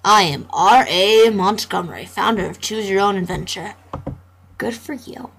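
Breathy young gamer girl commentating. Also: mid-range voice, normal speed, fairly bright tone. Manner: playful, sarcastic, reads game dialogue aloud. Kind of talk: gameplay commentary.

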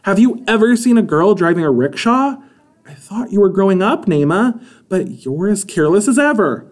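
A man reading a storybook aloud, voicing an anxious mother who scolds her daughter in a shrill, exasperated tone. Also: expressive, normal speed, a little mellow, lightly acted. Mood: scolding.

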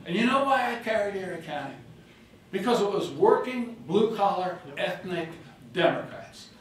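A man's voice: high voice, normal speed, slight background noise. An older man, a former governor, giving a political speech full of anecdotes and acted-out quotes. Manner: storytelling, animated, acts out quotes. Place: hotel ballroom reception. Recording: echoey ballroom from far off.

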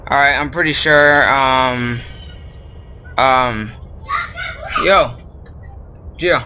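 A man's voice: mid-range voice, extremely slow, pushed and bright, a little hiss or hum. A man hosting a horror game video, nervous and rambling, filling gaps with lots of ums. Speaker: gaming video host. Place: at home with his brother nearby.

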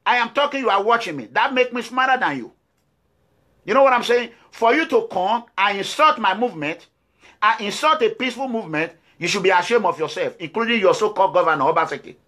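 A man with a Nigerian accent speaks in a high, bright, forceful voice. He gives a fiery, defiant address to his followers and hammers home his points with repeated declarations. It has the sound of an activist's impassioned video message. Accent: Nigerian English. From Nigeria (Edo State).

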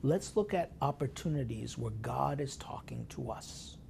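A male priest delivers a weekly sermon with a gravelly edge and a dark, mellow tone. He leans hard on key words, then sinks into soft whispered asides, asking his listeners questions directly. A faint low rumble sits under his voice. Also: lively intonation, unhurried. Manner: emphatic, swinging between loud stresses and hushed whispered asides; talks straight to listeners with rhetorical questions. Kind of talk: sermon meditation broadcast.

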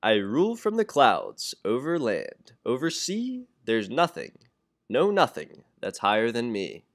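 A young man with a mid-range voice unhurriedly reads a storybook, voicing a boastful, pompous male turtle king. His pitch swoops wildly as he bellows the king's orders in a grandiose way.

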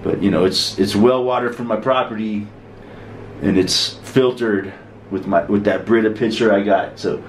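A man's voice: fairly low pitch, normal speed. A middle-aged man with the flu and a sore throat, rambling and complaining in a profane casual monologue to camera. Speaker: vlogger. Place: cold room with frozen windows. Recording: roomy echo with faint noise.

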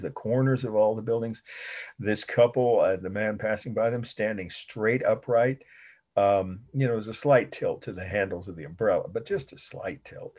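A man teaching an art history lecture, dictating definitions slowly, repeating them, and pausing with frequent fillers. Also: lowish voice, darkish tone. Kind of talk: recorded classroom lecture.

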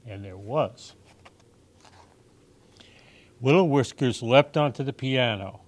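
Man for children's storytime, slow gentle read-aloud, mid pitch. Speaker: storytime reader.

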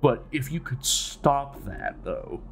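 A man's voice: mid-range voice, lively intonation, slow pace, a bit bright. A man commentating casually on a horror game, reading its dialogue aloud and joking with lots of swearing. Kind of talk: casual let's play commentary.

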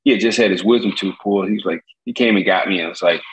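Lively storyteller, man from Indiana. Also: racing, poor audio. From Gary, Indiana. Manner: lively storyteller, acts out quotes with jumps in pitch. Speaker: interview guest, former pitcher. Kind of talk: animated storytelling.

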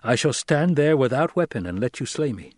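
A man voicing a young noble heir who speaks slowly, coldly and with command, in a dry audiobook recording. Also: medium pitch, sing-song, darkish tone, no echo, pitched above the performer's own voice. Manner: slow, cold, commanding delivery.

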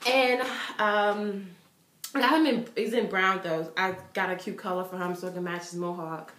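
A young woman vlogging, telling a story in an excited, chatty way, with lots of "like" fillers. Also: medium pitch, moderate pace, echoey room. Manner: animated, chatty, full of "like" fillers.

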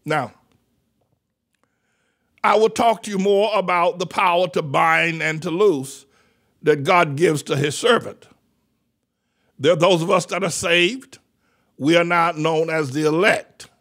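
An older man preaching a fiery sermon as pastor, shouting, mocking and repeating phrases over and over. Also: fairly high pitch, measured pace, long pauses. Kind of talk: fiery street-style sermon.

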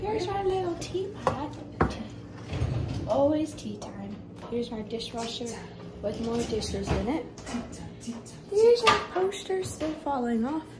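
A squeaky, very high little-girl voice , put on by a woman, drawls through a kitchen tour, word by word, bouncing up and down in pitch. It rings around a hard-walled room over loud background noise. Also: very animated, roomy sound, heavily acted. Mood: playful. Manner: slow, sing-song tour-guide narration. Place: home kitchen.

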